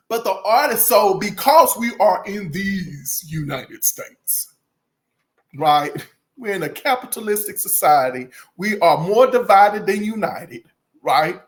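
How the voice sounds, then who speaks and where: Here a music channel host chats casually and animatedly with viewers, laughing frequently and dropping folksy asides. The voice has a medium pitch and a slow pace.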